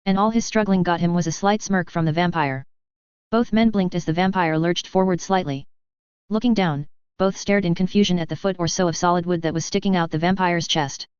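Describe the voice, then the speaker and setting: Reading action fiction at a fairly quick pace, a narrator keeps a steady, even storytelling manner in a clear, resonant, medium-pitched voice. The recording has no echo but sounds slightly dull.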